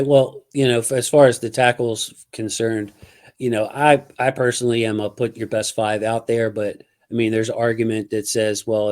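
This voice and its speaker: A man hosting a casual sports talk show on his own channel, speaking in an animated, emphatic way. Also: fairly low pitch. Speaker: podcast host.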